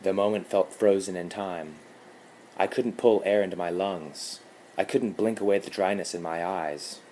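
A man narrating a horror story in a calm, measured reading. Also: low voice, a little hiss or hum.

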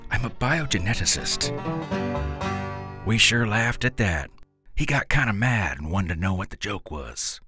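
A man narrating a story in a deadpan, folksy dialect delivery. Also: fairly low pitch, normal speed. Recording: dry close mic, faint music.

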